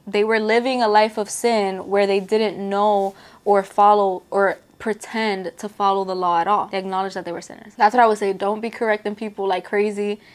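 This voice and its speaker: A woman's voice: medium pitch, level tone, moderate pace, hardly any pauses. Earnest woman vlogger sharing faith. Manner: earnest, conversational, many "like" fillers. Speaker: Christian vlogger. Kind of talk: casual faith talk to camera.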